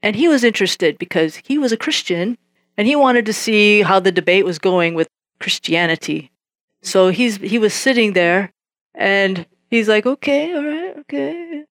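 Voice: medium pitch, normal speed, dry recording, studio quality. A preacher telling a testimony story in a sermon, acting out the dialogue in different voices. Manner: animated, acts out dialogue in quoted voices.

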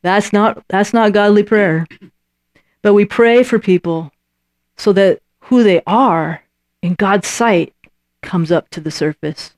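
A woman preacher delivering a sermon with a lively, storytelling manner, slipping into short acted voices for the people in her examples. Her voice sits at an ordinary pitch for a woman. The sound is close and dry, with no room echo. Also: slow pace. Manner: animated, acts out little voices and dialogues; conversational preaching with repeated "Right?" asides.

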